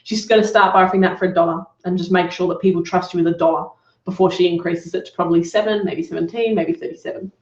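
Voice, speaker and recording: A woman's voice: on the low side, fairly even intonation, fast talker. A woman running a live online Q&A as a business coach, giving upbeat, encouraging feedback on students' work. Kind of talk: live Q&A session. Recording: roomy, dull lo-fi sound.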